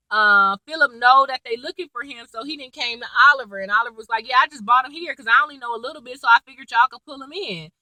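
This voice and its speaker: Bright, high-voiced woman recapping a show. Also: no echo, low-quality recording. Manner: chatty, animated retelling with quoted lines and laughs. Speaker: TV recap vlogger. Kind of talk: casual episode recap.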